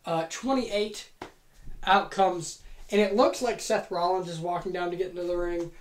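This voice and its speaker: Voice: mid-range voice, fairly even intonation, normal speed. A host casually narrating an imagined wrestling event, rambling, joking and swearing freely. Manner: rambling, joking, profane, self-deprecating. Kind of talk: casual fantasy booking narration. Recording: roomy echo.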